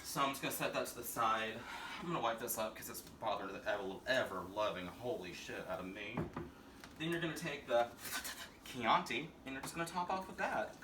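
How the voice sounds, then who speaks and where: A man with a Southern US accent and a husky voice, rambling sassily and a little tipsy in a casual vlog from his bedroom. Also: medium pitch, expressive, brisk, background noise. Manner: sassy, rambling, profane, frequent laughs. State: slightly tipsy. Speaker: vlogger hosting a drinking game.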